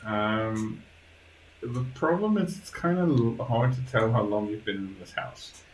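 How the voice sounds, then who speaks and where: Slow-talking man as dungeon master. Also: on the low side, slight background noise, rough recording. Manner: measured, explaining rules and lore. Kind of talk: running a tabletop game.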